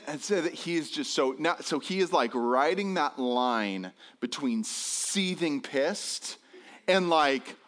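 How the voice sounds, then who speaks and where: Animated high-pitched male storyteller. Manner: animated, self-deprecating, acts out dialogue in voices. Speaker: speaker telling a story to an audience. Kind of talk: comic personal storytelling.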